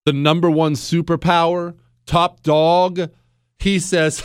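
A man's voice: fairly high pitch, little pitch movement, slow, clean tone, no room sound, clean studio sound. A man, hosting a talk radio show with an opinionated, sarcastic monologue. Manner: mocking, sarcastic, theatrical voice swings.

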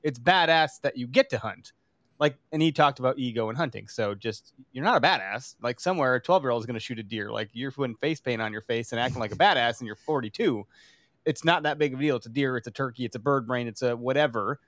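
A man's voice: mid-range voice, dry recording. A man co-hosting a podcast, chatting casually, joking and laughing as he talks. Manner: animated, joking, quick laughs. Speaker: podcast co-host.

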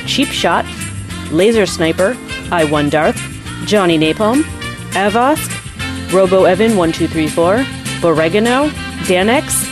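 A woman reads through a list of names in an upbeat, announcing manner, her voice sitting a little low. Bright jingle music plays clearly behind her. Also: expressive, unhurried, pauses often.

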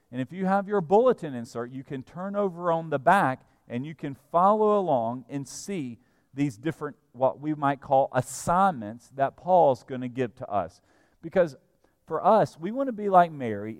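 A man preaching a sermon as pastor, emphatic and animated, sometimes acting out the people he describes. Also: mid-range voice, dry recording, studio quality, in a large hall. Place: church sanctuary.

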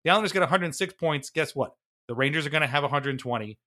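A man's voice: a little high, racing, bright, forceful tone. A man co-hosting a sports podcast, ranting in exasperation with frequent swearing and laughs. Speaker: podcast co-host. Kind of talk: casual sports talk.

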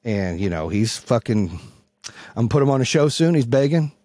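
Man, motivational podcast host, loud and yelling, husky, dry close sound, blunt, profane. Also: medium pitch, very animated, normal speed, no room sound. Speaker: podcast host and business coach. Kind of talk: motivational speech.

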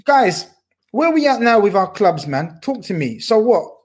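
This man hosts a casual football chat, and his voice sits high and a little husky. He talks in an animated, emphatic way, full of slang. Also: normal speed. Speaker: podcast host.

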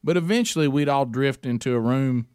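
A man hosting a casual group chat, animated and acting out little dialogues as he tells a story, with lots of restarts. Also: medium pitch, fairly quick, smooth, dry recording, studio quality.

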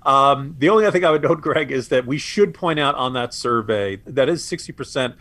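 A man co-hosting a political talk podcast, sounding exasperated and sarcastic. He stammers and restarts often. The sound is dry and close, at a middle pitch. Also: lively intonation, fairly quick, a bit bright, no room sound. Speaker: co-host.

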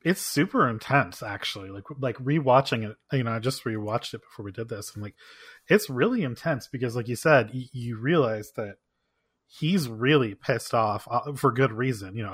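A man on a podcast with a husky voice, speaking emphatically and filling his talk with "like" and "you know". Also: medium pitch, normal speed, fairly bright tone, no echo, studio quality. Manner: emphatic, many fillers. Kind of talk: casual discussion.

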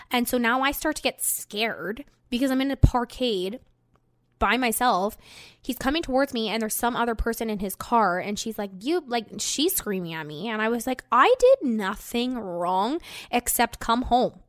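A woman's voice: a little high, no echo, studio quality. A young woman, a podcast host telling a story in casual chat, swearing freely and filling it with "like". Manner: chatty, swears freely, fillers of "like".

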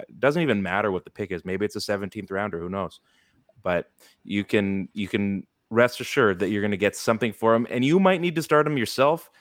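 A man's voice: lowish voice, dry recording, clean studio sound. A man hosting a casual sports podcast, rambling through advice with lots of fillers. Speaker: podcast host. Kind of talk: casual fantasy sports chat.

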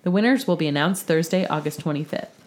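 A woman's voice: low-pitched, quick pace, darkish tone. Woman reading a formal announcement. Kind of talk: scripted announcement read.

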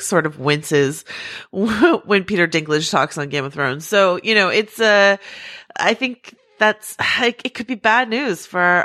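Animated woman co-host, slightly low voice. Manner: animated, laughing, many fillers. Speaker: podcast co-host. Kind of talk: casual chat.

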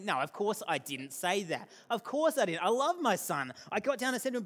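An Australian man in his thirties speaks to an audience, his voice sitting high for a man. He tells stories with animated, self-deprecating humour and acts out the lines of the people in them. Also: normal speed, few pauses. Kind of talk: storytelling talk to an audience.

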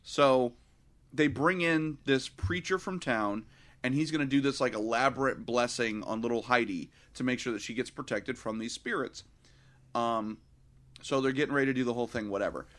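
A man's voice: medium pitch, normal speed. A man co-hosting a casual movie review chat, retelling scenes with swearing and acted-out voices. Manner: animated, profane, acts out scenes in mock voices. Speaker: podcast co-host.

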